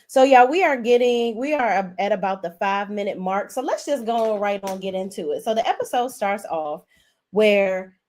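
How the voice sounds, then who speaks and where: A woman in her forties chats through a relaxed livestream recap with a mid-range voice. She talks straight to her viewers in an animated, easygoing way, looping back over points as she goes. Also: mid-range voice. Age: 40s. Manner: chatty, animated, addresses viewers directly. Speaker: host. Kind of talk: casual livestream show review.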